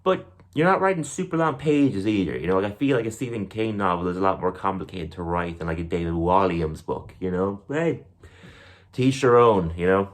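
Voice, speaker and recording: A man's voice: low voice, animated, a little fast. A young man, a comedian, rambling casually through his bits and acting them out in silly voices. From Ireland. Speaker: comedian and podcast host.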